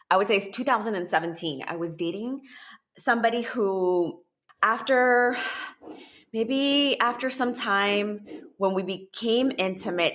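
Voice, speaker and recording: Lady guest on a podcast, bright voice, chatty and open. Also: medium pitch. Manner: candid, animated storytelling. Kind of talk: casual interview chat.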